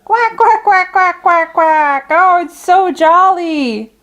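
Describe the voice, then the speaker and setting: Lady doing a squeaky little quacking duckling, storybook style, slow. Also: a bit bright, exaggerated voice. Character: jolly young duckling, quacking cheerfully.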